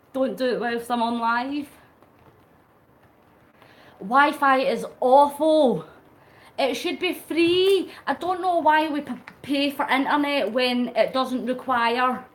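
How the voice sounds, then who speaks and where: A woman's voice: on the high side, a bit bright. Chatty woman live-streaming. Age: middle-aged. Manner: chatty, laughs often, reads out viewer comments; talks while pedalling on a bike. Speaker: vlogger live-streaming to chat. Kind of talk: casual live-stream chat.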